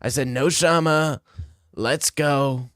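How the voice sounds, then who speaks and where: A boastful older politician, as a man puts him on, speaking slow and emphatic and repeating himself. The sound is dry and close, with no room to it. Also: on the high side, fairly bright tone, clear, resonant tone, no echo. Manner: slow, emphatic, repetitive impression.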